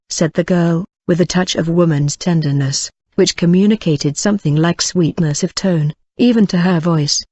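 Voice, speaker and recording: An audiobook narrator reading a classic novel in a steady voice, with occasional slips. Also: medium pitch, normal speed, few pauses, no room sound.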